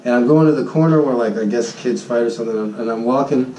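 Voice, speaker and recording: A man, a high school Spanish teacher, telling a story in a jokey, boastful vlog and acting out his own shouts. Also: quick pace, reverberant, distant mic, a little hiss or hum, rough recording. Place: Honolulu.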